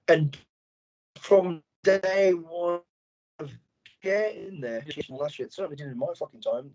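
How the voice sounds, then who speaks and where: On the high side and captured with lo-fi sound, this man's voice belongs to a middle-aged English ex-soldier appearing as a podcast guest. In a relaxed interview he spins animated stories, speaking bluntly and cursing constantly.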